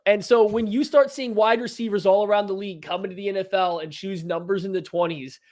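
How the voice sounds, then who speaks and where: A man on a sports podcast who argues his point with playful, mock-indignant energy. He talks in quick bursts and keeps pushing his case. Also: high-pitched. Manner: argumentative, mock-outraged, talks fast to defend his picks. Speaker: podcast co-host. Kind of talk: casual sports podcast banter.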